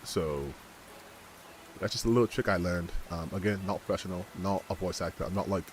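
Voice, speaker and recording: Male game streamer, low voice, chatty, playful fake-British tries. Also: a little fast, slight background noise. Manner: chatty, joking, playing with a mock British enunciation. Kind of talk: gaming livestream commentary.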